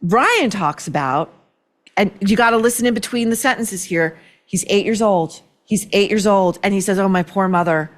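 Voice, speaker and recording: A woman's voice: mid-range voice, animated, moderate pace. A woman hosting an opinion commentary show, talking in a sarcastic, indignant, worked-up way. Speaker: podcast host.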